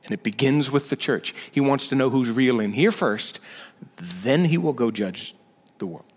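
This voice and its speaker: A man's voice: medium pitch, lively intonation, moderate pace, slightly rough. A male senior pastor giving a conversational sermon with sarcastic asides, building to emphatic points. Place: church sanctuary. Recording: long reverb of a big hall.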